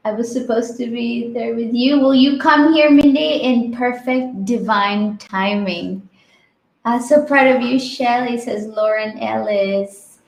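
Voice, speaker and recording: A woman hosting an interview, reading out viewer comments and gently affirming her guest. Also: fairly high pitch, unhurried, roomy sound, poor audio. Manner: gentle, affirming, soft backchannels. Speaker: host.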